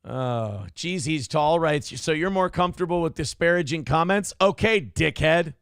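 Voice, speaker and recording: Brief man hosting a show, gravelly higher voice, sarcastic and profane, dry close sound. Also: expressive, moderate pace, a bit bright, dry recording. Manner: profane, sarcastic, self-mocking. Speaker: talk show host. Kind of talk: casual live-stream chat reading viewer comments.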